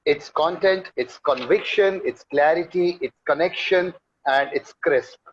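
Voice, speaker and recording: A man's voice: a little high, unhurried, muffled recording, a little hiss or hum. A man joining an online seminar as a participant, eagerly listing points and complimenting the trainer. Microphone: video call.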